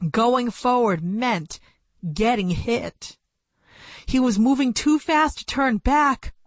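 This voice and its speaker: Reading a first-person narrative aloud, an audiobook narrator speaks in a measured, straightforward storytelling style close to a studio mic. She has a mid-range woman's voice, and there is no echo.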